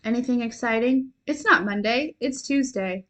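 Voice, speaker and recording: A young woman hosting a live stream, chatting warmly and rambling, giggling and at times tearful with gratitude. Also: fairly high pitch, normal speed. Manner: chatty, rambling with many fillers. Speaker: livestream host and intuitive reader. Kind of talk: casual livestream chat.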